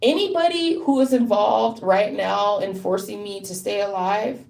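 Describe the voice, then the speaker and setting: A woman in deep distress, speaking bluntly and profanely in an unscripted monologue to camera, often stopping to repeat herself. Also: measured pace, gravelly, a little mellow. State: deeply distressed. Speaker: vlogger.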